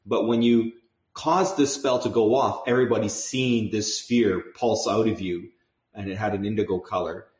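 A man's voice: lowish voice, steady tone, moderate pace, reverberant. A man recapping a tabletop game session as game master, chatty, often laughing and restarting his sentences.

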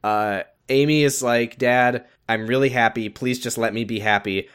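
A man's voice: medium pitch, fairly even intonation, moderate pace, a bit bright, smooth. A man co-hosting a casual show recap, sarcastic and laughing often. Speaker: podcast co-host.

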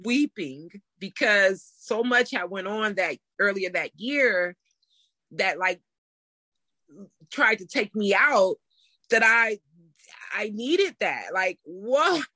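A woman in her thirties telling a story in a casual interview, animated and laughing as she acts out what people said. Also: medium pitch, takes it slowly, long pauses, no room sound. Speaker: interview guest.

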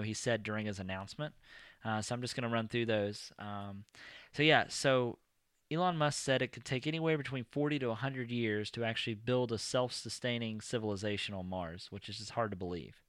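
A man's voice: lowish voice, a bit bright, smooth, no echo, clean studio sound. Rambling casual podcast host, man. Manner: rambling, many ums and uhs. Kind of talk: casual chat.

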